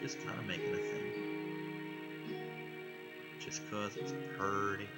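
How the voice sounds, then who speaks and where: A man's voice: fairly low pitch, monotone, slow pace, poor audio. A man giving a casual, rambling and enthusiastic recap of a cartoon episode, peppered with swearing. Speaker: vlogger. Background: music playing.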